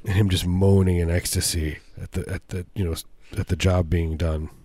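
A man co-hosting a casual comedy podcast, riffing in a deadpan way and often repeating himself. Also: sits low, moderate pace, husky, dry recording. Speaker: podcast co-host.

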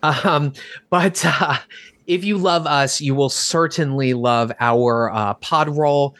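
A man co-hosting a casual movie review podcast, talking in an animated, rambling way with lots of fillers. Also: fairly high pitch, slow pace, dry recording. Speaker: podcast co-host.

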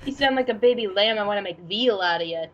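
A young woman co-hosting a casual chat, teasing and laughing, quick to cheer her friend on. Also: medium pitch, muffled recording, noisy background. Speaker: podcast co-host.

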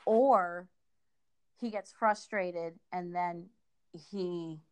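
A middle-aged woman speaking as a guest in a casual conversation, pausing often and restarting her sentences. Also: lowish voice, clear, resonant tone, dry recording. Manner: halting, many fillers and restarts.

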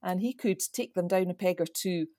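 A woman's voice: fairly low pitch, a little fast, dark tone, dry recording, studio quality. A Scottish woman explaining things at length in a casual chat, a bit like a lecture.

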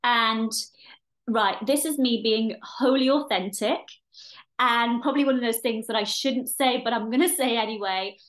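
A woman's voice: a little high, normal speed, fairly bright tone. A woman in her forties hosting a solo podcast, talking frankly and animatedly, swearing freely and often restarting her sentences. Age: 40s. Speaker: podcast host and coach. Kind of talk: casual solo podcast talk.

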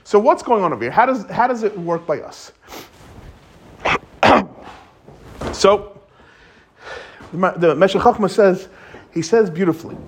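A man, a rabbi, giving an informal weekly Torah talk, explaining the texts in a conversational way and quoting commentators in lively paraphrase. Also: sits high, a little slow, long pauses, a little hiss or hum.

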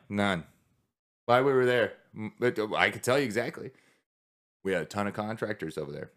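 A man who is a military veteran, talking candidly in a casual podcast conversation, rambling with many restarts and swearing. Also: medium pitch.

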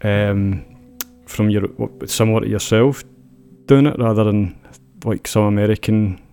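A man's voice: on the low side, fairly even intonation, unhurried, dark tone. A Scottish man in a casual podcast chat, talking hesitantly and searching for his words.

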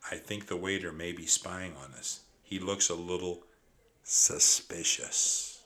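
A man voicing a bold, bossy young female mouse in a storybook read-aloud, brisk and coaxing. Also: low voice, a bit bright, pitched below the performer's own voice. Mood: secretive.

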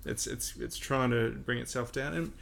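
Guy with a gravelly fry voice chatting on a podcast, easygoing, kinda restarts his words a lot. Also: mid-range voice, moderate pace. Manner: relaxed, repeats words while thinking. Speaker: podcast guest, breathing coach. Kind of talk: casual conversational explaining.

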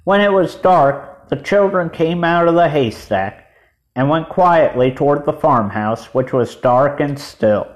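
Slow, deliberate male storyteller. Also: a little high, lively intonation. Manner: measured, deliberate. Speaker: narrator. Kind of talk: children's storybook reading.

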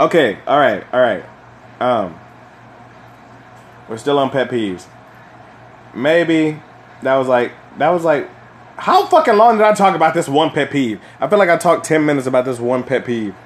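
A young man hosting a casual solo chat, rambling and swearing, with lots of fillers and animated bursts when he rants. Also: mid-range voice, normal speed, long pauses, a little hiss or hum. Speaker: podcast host.

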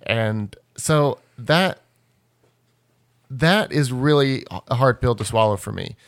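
A man's voice: medium pitch, expressive, slow pace, vocal fry, no room sound, clean studio sound. A man co-hosting a casual group chat, telling anecdotes and acting out the lines of the people in them. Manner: storytelling, acts out quoted speech. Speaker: podcast co-host.

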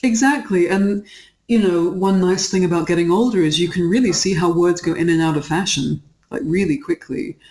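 A guest talking casually in an interview, chatty and animated, often saying "like". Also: mid-range voice, moderate pace, roomy sound. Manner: chatty and animated, with frequent "like" fillers and laughter.

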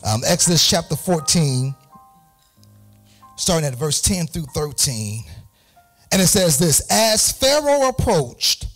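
A pastor preaching a sermon in a church. He speaks in a sing-song style, calls for "amen" from the congregation, makes joking asides to people he names, and builds to shouted, fervent peaks. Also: fairly high pitch, lively intonation, measured pace, pauses often, faint music behind.

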